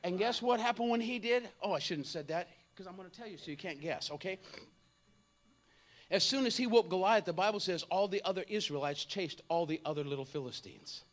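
A man in his fifties preaching an energetic, comedic sermon, joking and acting out voices. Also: sits high, brisk. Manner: animated, jokey, acts out voices, shouts at times.

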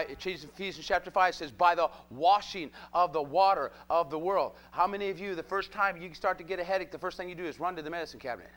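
A man's voice: high-pitched, fairly bright tone. A man preaching a sermon to his congregation, rhythmic and repetitive, throwing call-and-response questions at the crowd. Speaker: pastor.

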